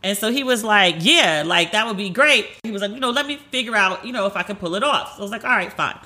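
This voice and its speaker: A woman talking through a solo podcast with a bright, forceful voice. She is chatty and animated, curses freely, and goes higher when she acts out what others said. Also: fast. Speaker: podcast host. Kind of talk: casual solo podcast storytelling.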